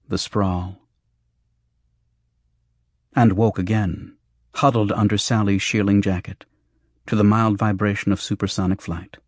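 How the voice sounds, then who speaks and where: A man narrating an audiobook in a measured, even manner. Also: on the low side, no room sound, studio quality. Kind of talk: scripted narration.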